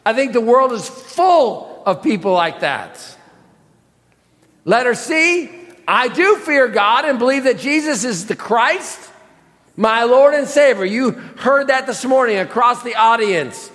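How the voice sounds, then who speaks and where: A man's voice: extremely high pitch, lively intonation, unhurried, a bit bright, long reverb tail. A pastor preaching a sermon, emphatic, reading scripture and putting pointed questions to his congregation. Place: church sanctuary.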